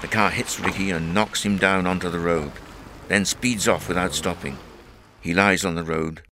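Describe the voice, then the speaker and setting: A man reading a story aloud as narrator in a clear, measured way. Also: sits low, fairly even intonation, noisy background. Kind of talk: scripted audiobook narration.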